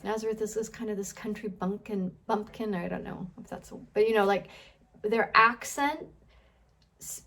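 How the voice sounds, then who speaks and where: A woman's voice: mid-range voice, fairly bright tone. Woman teaching scripture conversationally. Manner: thinks aloud, with frequent restarts and repeated words; conversational, asks the listeners questions. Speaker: Bible teacher. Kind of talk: casual Bible teaching.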